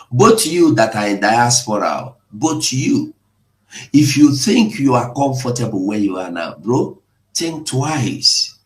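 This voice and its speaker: A man speaks slowly and with feeling, piling up rhetorical questions in a live online broadcast. His voice rings out in an echoey room. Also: mid-range voice. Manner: emotional, rhetorical, mocking laughs at times. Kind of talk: impassioned live broadcast talk.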